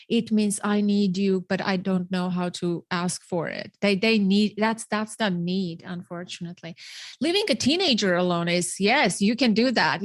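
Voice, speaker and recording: A woman's voice: mid-range voice, dry recording. A middle-aged woman hosting a parenting podcast, talking earnestly and often repeating words as she thinks. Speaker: podcast host. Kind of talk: casual conversational interview.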